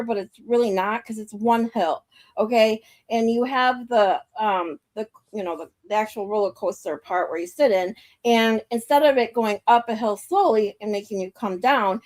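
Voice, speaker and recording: A woman's voice: on the high side, a little mellow. A woman hosting a stream, chatting casually in a rambling, conversational way with frequent laughs. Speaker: streamer host. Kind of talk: casual chat.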